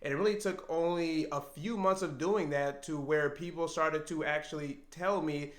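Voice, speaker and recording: A man with a somewhat high voice talks to camera in an earnest, reflective way, often asking himself questions out loud. His voice rings around a roomy, echoey space. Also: fairly even intonation, normal speed. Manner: earnest, thinking aloud, with self-questions. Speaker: language learner vlogger. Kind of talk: reflective solo talk to camera.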